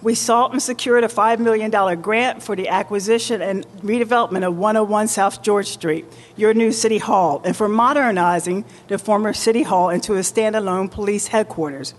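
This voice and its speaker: A woman mayor giving a formal public address with deliberate, emphatic oratory in a large indoor market hall. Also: mid-range voice. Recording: long reverb of a large hall.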